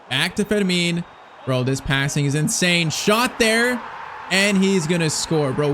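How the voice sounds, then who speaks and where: A man talks quickly over his football game, calling passes and players as they happen. His voice sits a little high and he drops slang like bro and man, swinging between hope and irritation. Faint noise hums under the recording. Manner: excitable, frustrated play-by-play with slang like bro and man. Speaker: gaming YouTuber. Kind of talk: live game commentary.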